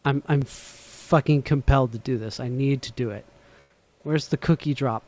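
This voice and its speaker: A man's voice: medium pitch, moderate pace, mellow, faint music behind. A man hosting a casual livestream from home, rambling, swearing casually and laughing often. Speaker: livestream host. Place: home room.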